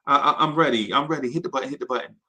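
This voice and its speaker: A man's voice: medium pitch, very fast, sharp tone. A man imitating a sleepy, laid-back rapper in a drowsy, unbothered way.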